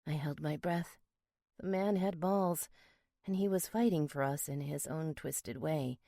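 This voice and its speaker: A woman narrating a first-person romance audiobook in a steady, measured way. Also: low-pitched, creaky, dry recording, studio quality.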